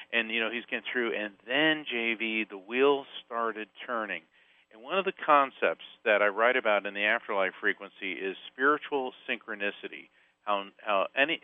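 A man from Central Florida, a guest author, telling a personal story in an animated way, acting out the voices of people in it. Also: fairly low pitch, no echo, narrow, tinny audio. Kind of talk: storytelling interview.

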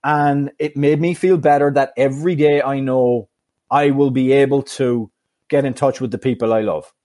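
A man's voice: medium pitch, fairly even intonation, moderate pace, warm tone. A man co-hosting a podcast, reflective in his talk and teasing his partner in casual chat. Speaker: podcast co-host.

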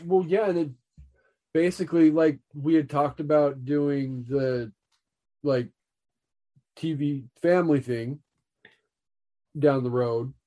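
A man's voice: a little high, fairly even intonation, takes it slowly, pauses often, mellow. A man co-hosting a podcast in casual chat, speaking emphatically and leaning on filler words. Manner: emphatic, repeats "literally" and "like". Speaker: podcast co-host.

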